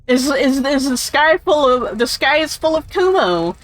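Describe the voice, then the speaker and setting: A woman with a somewhat high voice talks over a game she is playing. She rambles from one tangent to the next with plenty of fillers, chatty and opinionated, and swears offhandedly. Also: big pitch swings, unhurried, poor audio. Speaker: game streamer. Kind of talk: casual gameplay commentary.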